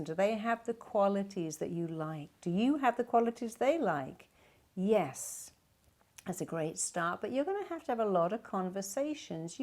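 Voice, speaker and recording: A middle-aged woman therapist talking to camera about relationships, animated and acting out what partners say to each other. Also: fairly low pitch. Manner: animated, acts out quoted partners in character.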